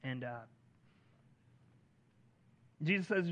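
A man preaching a sermon as pastor, earnest, lifting his voice on key lines and dropping it soft on others. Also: fairly high pitch, fairly quick, highs cut off.

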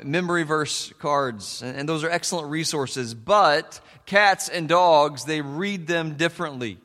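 A man's voice: fairly high pitch, sharp tone, long reverb tail. A man preaching a folksy sermon as a pastor, telling stories with plenty of fillers. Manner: folksy storytelling with many fillers.

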